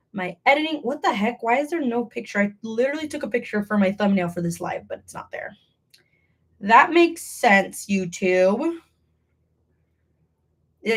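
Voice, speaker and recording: A young woman chats on a casual livestream, crocheting as she goes. Her voice is bright and a little high, and she jumps between topics in a bubbly, self-mocking way. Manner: bubbly, rambling, self-deprecating.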